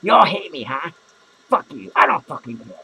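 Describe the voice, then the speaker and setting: Man doing a drunk clown, gravelly, high-pitched, foul-mouthed, slurring, rambling, comedy monologue. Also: sing-song, normal speed, pushed and bright, exaggerated voice, poor audio. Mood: drunken rambling. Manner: slurring, rambling, swearing constantly. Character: drunken foul-mouthed adult male clown, hot-tempered. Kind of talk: improvised character comedy monologue.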